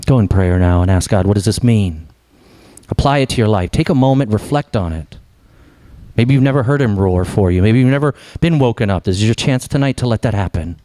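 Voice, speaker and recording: A man preaching a sermon as pastor, impassioned and dropping low for emphasis. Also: lively intonation, a little fast, dark tone.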